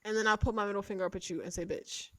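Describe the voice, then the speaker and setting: A woman's voice: medium pitch, steady tone, rapid-fire, sharp tone, no echo. A woman podcast co-host improvising a comedic role-play, giggly and profane, often breaking into laughter.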